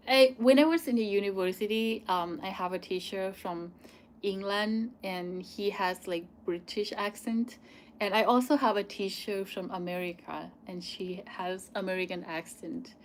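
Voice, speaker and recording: Slow-talking Thai woman streamer. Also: mid-range voice, slight background noise. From Thailand. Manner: chatty, loose, pauses on "like" and "um". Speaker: channel host answering viewer questions. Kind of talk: live stream Q&A chat.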